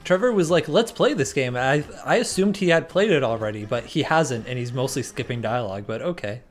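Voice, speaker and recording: A man's voice: medium pitch, animated, a little fast, faint music behind. A man in casual gaming banter, giving laid-back, playful replies to his co-host. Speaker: co-host playing along. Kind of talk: casual let's-play banter.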